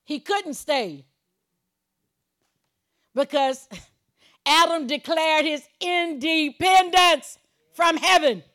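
A woman preaching a sermon in an emphatic, conversational way, moving between loud declarations and quiet asides. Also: sits high, drawn-out words, long pauses. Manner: chuckles while preaching, conversational.

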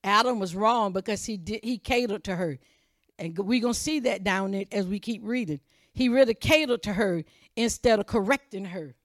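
A woman preacher, reading scripture and preaching with passion, rising to loud calls and dropping to low asides. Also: normal speed, no echo, studio quality. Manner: reads scripture aloud and comments between verses. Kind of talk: sermon.

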